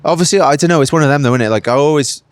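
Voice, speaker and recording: Talking fast in a slightly high voice, a Welsh professional cyclist in his late thirties rambles through a relaxed post-race interview. He leans on "like" and "mate" a lot, and there's no room sound.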